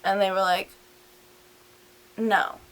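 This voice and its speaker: A woman's voice: mid-range voice, measured pace, sharp tone. A drunk young woman giggling and swearing as she retells a history story in a rambling, casual way, filmed on a handheld camera at home. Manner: giggly, profane, rambling, slurred asides.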